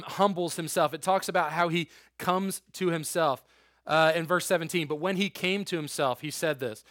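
A young male youth pastor talks loosely and animatedly to teenagers, slipping into little voices for quotes. His voice sits fairly high for a man. The sound is dry and close, with no room around it. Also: dry recording. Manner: casual, animated, acts out quotes with laughs. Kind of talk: youth group sermon.

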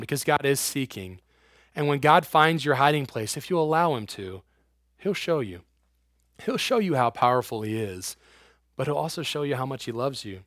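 A man preaching an informal youth sermon in casual slang, swinging between loud and hushed. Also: mid-range voice, dry recording, clean studio sound.

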